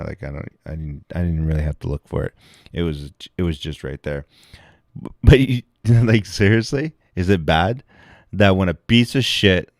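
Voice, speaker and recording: A man's voice: rumbling low, no room sound, studio quality. A man streaming and reacting to videos in crude casual chat, swearing constantly. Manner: crude, heavy swearing, laughing.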